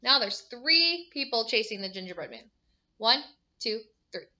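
Woman teacher, picture-book read-aloud, animated, quizzing kids, slightly high voice, muffled recording. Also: a little slow. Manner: animated, asks the listeners questions.

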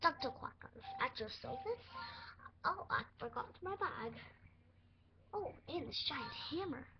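A loud, goofy duck doctor, played by a woman talks slowly and grandly, pitched high with a lively swing. The toy role-play sounds dull and lo-fi with a faint hiss. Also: vocal fry, full character voice. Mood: showy. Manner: loud, slow, showy bedside talk. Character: goofy male duck doctor with a giant hammer.

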